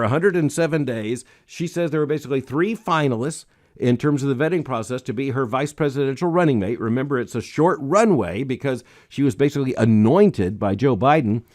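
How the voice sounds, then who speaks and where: A man's voice: mid-range voice, darkish tone. A man hosting a daily news analysis show, giving emphatic, wry commentary with small hesitations and reading quotations aloud.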